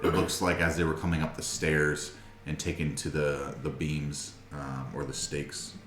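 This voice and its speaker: A man's voice: rumbling low, level tone, unhurried, reverberant, noisy background. A man narrating a tabletop game as game master, with many hesitant fillers.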